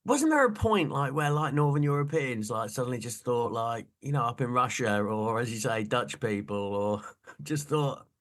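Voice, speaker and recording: A man's voice: medium pitch, normal speed. Chatty middle-aged man, jokey. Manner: animated, jokey, laughing often. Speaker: podcast co-host. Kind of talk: casual chat.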